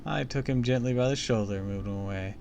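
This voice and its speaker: Speaking fast in a mid-range, gravelly and slightly mellow voice, a man streams himself reading a book aloud live. He keeps stopping for chatty asides and jokes, with slight background noise behind him.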